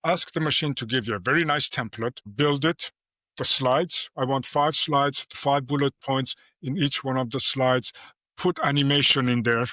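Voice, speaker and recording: A middle-aged man speaking as an interview guest, lively and story-driven, slipping in little acted exchanges as he explains. His tone is bright and forward, and the sound is dry and close to the mic. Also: mid-range voice, moderate pace, no room sound. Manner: animated storyteller, acts out quoted dialogue. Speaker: guest AI professor. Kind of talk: casual interview talk.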